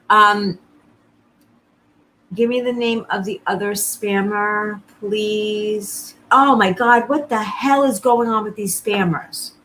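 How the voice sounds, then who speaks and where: Here a psychic medium, a woman, reassures her live-stream viewers in an earnest tone, frequently saying things more than once during the reading. Her mid-range voice is a bit bright, and the low-quality recording carries some hiss or hum.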